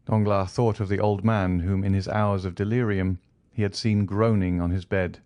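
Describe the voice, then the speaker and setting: Man narrating an audiobook, low voice. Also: level tone, normal speed, darkish tone, no room sound. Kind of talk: scripted narration.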